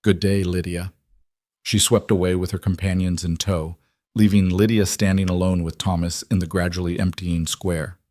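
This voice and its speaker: A man narrating a story in a steady, even storytelling manner. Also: sits low, moderate pace, dry recording, studio quality. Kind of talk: scripted narration.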